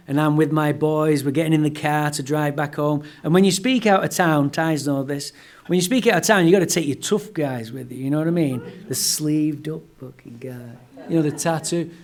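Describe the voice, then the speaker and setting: A man telling his personal story as a guest speaker at a recovery meeting, animated and blunt, with some profanity. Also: on the high side, a little fast. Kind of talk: personal storytelling talk to a live audience.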